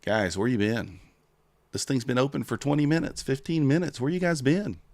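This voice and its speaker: A man's voice: medium pitch, moderate pace, a little mellow, no echo. A man hosting a casual trading livestream, chatting with viewers and counting down a giveaway.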